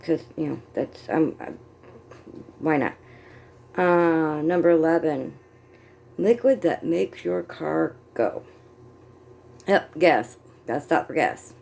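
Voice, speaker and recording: A middle-aged American woman talking in a relaxed, rambling way, amused at herself as she goes. Her voice is warm and fairly low, and she sounds like she is chatting from home while crocheting and checking notes. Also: slow pace, creaky, long pauses. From United States. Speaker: vlogger. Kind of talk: casual chat.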